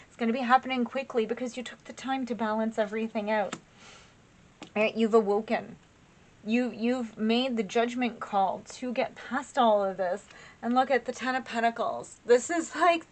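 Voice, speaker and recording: A woman's voice: a little high, moderate pace, a little hiss or hum. A woman giving a casual spoken tarot reading, chatty and encouraging, talking straight to her viewers with loose phrasing. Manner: chatty and encouraging, addresses viewers as "you guys"; loose, with frequent fillers and restarts. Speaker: tarot reader.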